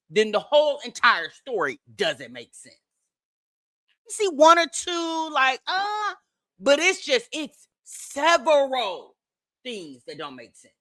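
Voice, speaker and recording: A woman's voice: a little high, no room sound. A woman hosting a podcast, chatting in a sassy, casual commentary style. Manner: lively, sassy, laughing asides. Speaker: podcast host.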